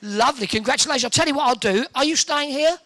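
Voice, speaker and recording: Cheeky male compère, high bright voice with grit, teases the crowd. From Hertfordshire, England. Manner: joking, teasing, quick with quips. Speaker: host working the audience. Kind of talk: cheeky audience banter. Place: indoor event hall with a live audience.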